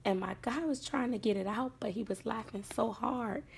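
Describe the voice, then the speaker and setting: Gravelly-voiced woman telling a doll story. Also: a little high, moderate pace, a little hiss or hum. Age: middle-aged. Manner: chatty, laughs while telling a story, acts out others' voices. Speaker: doll collector vlogger. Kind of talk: casual storytelling to camera.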